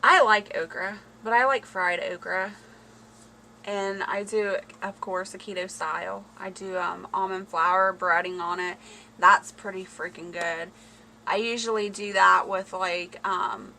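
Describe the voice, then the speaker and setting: A woman's voice: medium pitch, vocal fry, pushed and bright, a little hiss or hum, poor audio. A woman chatting casually on a home livestream, laughing and reading viewer comments aloud. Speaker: livestream host. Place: home, indoors. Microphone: phone camera.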